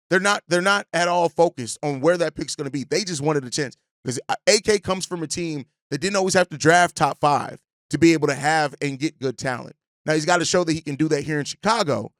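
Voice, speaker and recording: A man's voice: on the high side, a bit bright, no echo, clean studio sound. A man hosting a sports podcast, talking earnestly in long run-on sentences and asking "right?" often. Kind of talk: casual sports talk.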